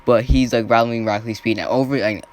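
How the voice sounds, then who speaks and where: A man's voice: medium pitch, fairly even intonation, fast, darkish tone. Rambling man retelling a story. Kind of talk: casual improvised retelling of a fan story.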